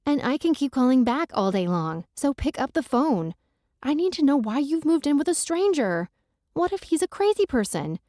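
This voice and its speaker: Woman narrator doing a teasing, insistent best friend in an audiobook; mellow tone, dry close read. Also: high voice, big pitch swings, moderate pace, dry recording, voice pushed up. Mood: insistent, worried. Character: protective, wisecracking young married woman friend. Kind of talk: audiobook dialogue reading.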